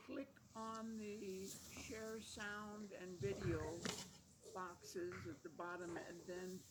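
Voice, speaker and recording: A woman on a video call calmly giving practical instructions about screen sharing. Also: medium pitch, takes it slowly. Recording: clear background noise.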